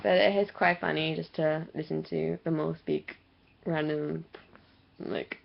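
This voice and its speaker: Young English woman vlogger, low gravelly voice, rambling and self-mocking rant, dull lo-fi webcam sound. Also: steady tone, a little slow. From England. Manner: chatty, rambling, self-mocking, laughs often. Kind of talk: casual ranting monologue to camera.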